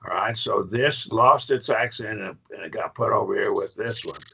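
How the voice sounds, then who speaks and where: A man's voice: lowish voice, normal speed, vocal fry, sharp tone, slightly rough. A man teaching a Greek grammar class online, patient and questioning, with frequent okays.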